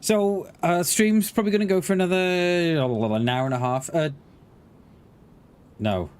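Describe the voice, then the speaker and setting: A man's voice: high-pitched, a little slow. A man chatting casually and swearing freely as he live-streams a survival game, a parent of a school-age son. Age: adult parent of a schoolchild. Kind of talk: casual live-stream chat while gaming. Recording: clear background noise.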